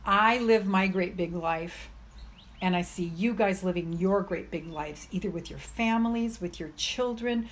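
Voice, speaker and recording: A woman coaching on self-love in an energetic, chatty motivational live stream, with many fillers. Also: mid-range voice, a little slow.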